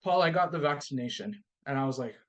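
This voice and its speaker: A man's voice: on the high side, quick pace, lo-fi sound. A man guest on a podcast telling a personal story, acting out both sides of the talk and often repeating and restarting his phrases. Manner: animated storytelling, acts out both sides of a dialogue.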